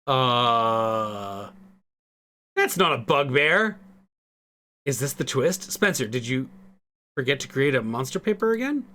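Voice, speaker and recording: A man's voice: mid-range voice, very animated, slow pace, pauses often, bright, forceful tone. A man playing through a visual novel, giving wry, joking commentary. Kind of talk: let's play commentary.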